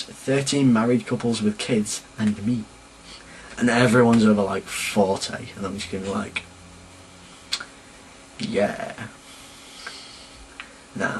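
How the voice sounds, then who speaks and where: A man's voice: on the low side, a little hiss or hum, low-quality recording. A young man from Sheffield with a Sheffield English accent, rambling and chatty as he rants casually to camera in a vlog. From England. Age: young adult. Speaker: vlogger.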